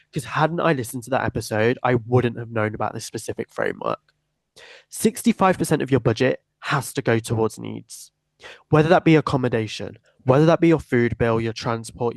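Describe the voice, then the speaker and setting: A man's voice: mid-range voice, dry recording. An eighteen-year-old man, hosting a personal podcast in an earnest, emphatic, repetitive way. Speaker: podcast host.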